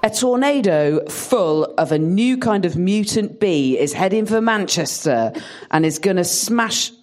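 A woman's voice: mid-range voice, measured pace, soft background music. A woman comedian telling comic stories in a chat, laughing as she talks. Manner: animated, laughs through her stories.

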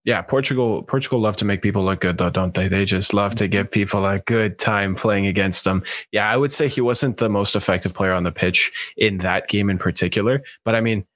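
A young man co-hosting a football podcast, joking and animated in casual chat. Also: on the low side, dry recording. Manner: fast-talking, animated, joking. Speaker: podcast co-host.

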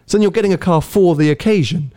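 A man co-hosts a casual car podcast, talking fast in a high-sitting, warm voice. He's chatty and rambles a little, stammering through frequent restarts.

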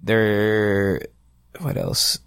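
A man's voice: lowish voice, very animated, drawn-out words, gravelly, smooth, no echo, clean studio sound. A man, hosting a casual solo podcast, rambling and chatty and swearing freely. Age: 30s. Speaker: podcast host and radio DJ.

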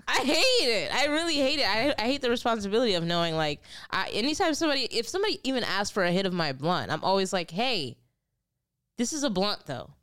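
A young woman hosting a podcast, telling stories in a casual, animated way. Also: medium pitch, brisk, clear, resonant tone. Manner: animated storytelling with laughs. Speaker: podcast host. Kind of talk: casual chat.

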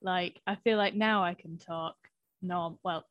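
A woman's voice: lowish voice, fairly even intonation, measured pace, no room sound, dull audio. Dry-miked Northern English woman. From North of England. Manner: dry, jokey, laughs between lines. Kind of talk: casual chat.

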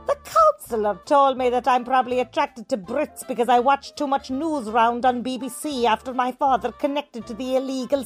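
A woman's voice: sits high, lightly acted. A woman with a North Cork accent voicing a crude, earthy, chatty rural woman.

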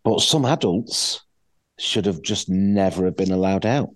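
A man's voice: low-pitched, unhurried, no room sound, low-quality recording. A man, a podcast guest telling stories in a blunt, jokey way. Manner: animated storyteller, blunt and jokey. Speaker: actor guest. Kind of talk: casual podcast chat.

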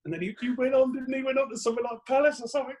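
Man, high voice, animated storyteller, podcast guest chat. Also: rapid-fire. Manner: animated, acts out quotes with laughs. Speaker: guest comedian.

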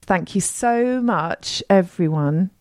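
A woman's voice: medium pitch, animated, slow pace, a little mellow, no room sound, studio quality. A woman in her forties co-hosting a podcast, friendly and matter-of-fact, with affectionate slang in casual chat. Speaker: podcast co-host, interiors expert.

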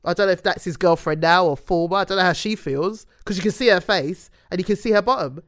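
A woman's voice: on the low side, fast talker. A woman co-hosting a casual chat podcast, often laughing and trailing off mid-sentence. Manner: giggly, trails off and restarts. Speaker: podcast co-host.

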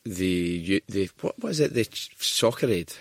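A man's voice: deep voice, animated, measured pace, no room sound, clean studio sound. A Scottish man hosting a podcast, easygoing and swearing casually in chat. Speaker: podcast host.

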